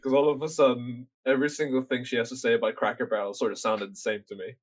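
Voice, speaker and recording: A man's voice: medium pitch, level tone, quick pace, poor audio. A young man from Norway chatting casually on a podcast, rambling through a story full of fillers and swearing. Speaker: podcast guest telling a story. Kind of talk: casual chat.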